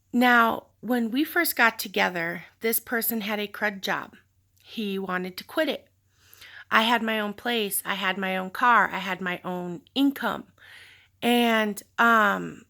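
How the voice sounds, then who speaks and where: Woman vlogger, personal storytelling, reflective and candid, raspy edge, sharp tone. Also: mid-range voice. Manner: candid, reflective, with sighs and fillers. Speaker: vlogger telling her story.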